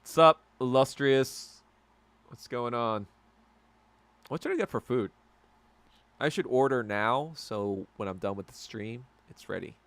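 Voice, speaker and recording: A man's voice: mid-range voice, lively intonation, unhurried, long pauses, fairly bright tone, no room sound. A man hosting a podcast livestream, ranting in casual, profane commentary that wanders between topics. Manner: profane, rambling and heated. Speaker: podcast host.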